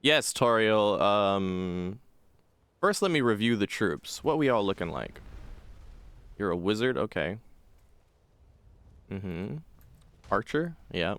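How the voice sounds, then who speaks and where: A man's voice: lowish voice, very animated, slow pace, long pauses, a bit bright, clear, resonant tone, dry recording. A man giving rambling, casual, profane let's play commentary as a gaming channel host.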